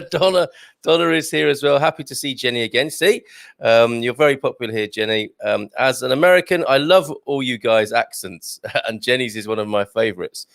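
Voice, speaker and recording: A chatty male host talking over a morning live stream in a self-deprecating way, with frequent laughs. His voice is mid-pitched and sits close and dry against the mic. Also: a little fast, vocal fry, fairly bright tone, no echo. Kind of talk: casual live-stream chat and news reading.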